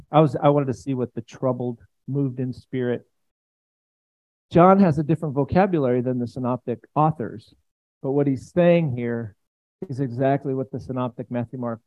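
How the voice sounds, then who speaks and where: A man's voice: medium pitch, vocal fry, no room sound. Chatty male pastor, tinny dry sound. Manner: chatty and enthusiastic, with asides to the congregation. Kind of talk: conversational sermon. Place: church.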